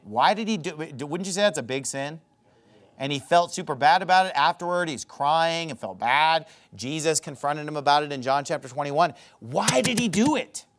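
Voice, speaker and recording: A man preaching a sermon with a high, lively voice. He reads scripture and acts out characters' words with mocking, animated emphasis. His pitch climbs and swoops as he drives each point home. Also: normal speed. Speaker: pastor.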